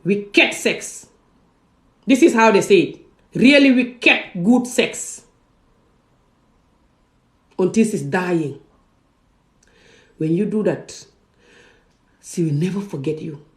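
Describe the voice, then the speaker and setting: A woman's voice: lowish voice, animated, takes it slowly, long pauses, darkish tone. Impassioned woman from West Africa. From Gambia and Senegal. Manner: emphatic, repeats words for stress. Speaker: vlogger. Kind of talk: impassioned personal monologue. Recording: roomy echo.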